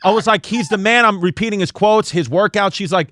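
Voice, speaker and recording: A man's voice: sits high, expressive, fast talker, a bit bright, dry recording. A man co-hosting a podcast who talks in eager, rambling casual chat. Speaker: podcast co-host.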